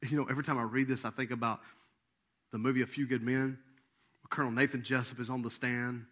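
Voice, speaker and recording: A pastor delivers an animated sermon at a quick pace in his mid-range voice. He drops into soft asides, then leaps into loud, acted-out quotes.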